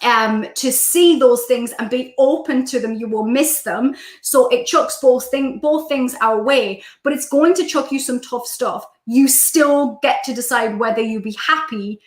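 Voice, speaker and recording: A woman's voice: a little high, unhurried, reverberant. A woman with a Geordie accent, a life coach talking casually in a livestream and reading out viewer comments as she rambles. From Newcastle, England.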